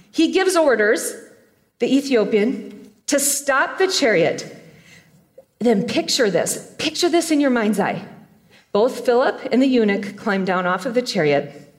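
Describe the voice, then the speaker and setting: Female preacher, high-pitched, animated storyteller with a joking streak. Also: measured pace. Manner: animated storytelling, playful asides. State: choked up with emotion. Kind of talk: sermon.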